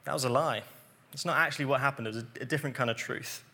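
A man preaching a sermon, explaining scripture earnestly and dropping to quiet emphasis on key points. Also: mid-range voice, racing.

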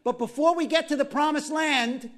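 A man with a very high voice preaches to his congregation. He is animated and repeats lines for emphasis. He keeps turning questions back on his listeners. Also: moderate pace. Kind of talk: sermon. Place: church gathering.

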